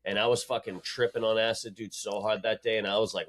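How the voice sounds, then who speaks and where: A man's voice: on the low side, little pitch movement, fast. A man co-hosting a casual podcast, telling long rambling stories full of slang. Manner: rambling, slangy storytelling with "dude". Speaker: podcast co-host. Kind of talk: casual chat.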